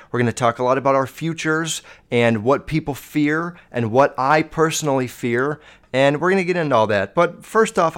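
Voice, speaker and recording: A man talks through a solo podcast episode in a loose, casual way. He swears freely, gets animated, and slips into quick acted-out voices as he tells the story. His voice sits at an ordinary middle pitch. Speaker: podcast host.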